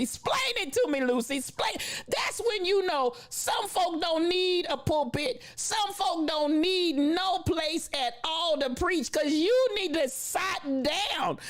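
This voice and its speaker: A woman host telling a funny story in a casual, animated way, often laughing and talking to her chat. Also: very high voice, slow, hardly any pauses. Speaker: livestream host.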